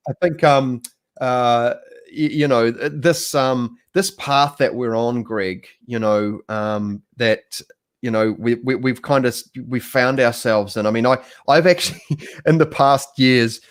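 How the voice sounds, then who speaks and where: A man's voice: medium pitch, fairly even intonation, measured pace, clear, resonant tone. A man from New Zealand hosting a casual livestream conversation, talking in a rambling, hesitant way with many restarts. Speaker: host.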